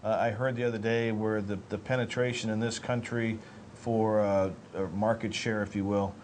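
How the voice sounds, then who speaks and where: A man's voice: on the low side, flat delivery, moderate pace, darkish tone, slight background noise. A man hosting a local talk show, asking questions and prompting his guest in an affable way. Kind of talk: casual talk show interview.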